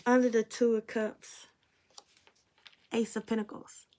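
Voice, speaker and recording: Over some background noise, a woman with a slightly high voice speaks a little slowly in a flat delivery. She's reading tarot for her viewers on a spiritual note, addressing them directly, preachy and blunt, swearing casually now and then.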